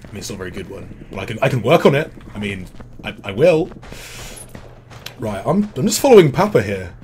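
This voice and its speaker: A man's voice: fairly low pitch, big pitch swings, brisk, a little mellow, slight background noise. A British man hosting a game livestream, chatting casually, reading out viewer messages and joking at his own expense. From Britain. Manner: chatty, self-deprecating, reads out chat messages. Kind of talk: casual gameplay commentary.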